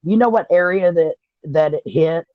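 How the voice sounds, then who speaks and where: A woman's voice: on the low side, moderate pace, phone-quality sound. Chatty Southern-accented woman, folksy. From Southern Indiana, USA. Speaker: podcast co-host. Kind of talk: casual chat.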